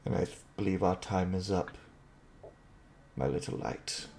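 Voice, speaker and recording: A man voicing a grave, protective elf father who speaks slowly and quietly. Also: lowish voice, fairly even intonation, natural voice. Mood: tender. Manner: slow, solemn and hushed.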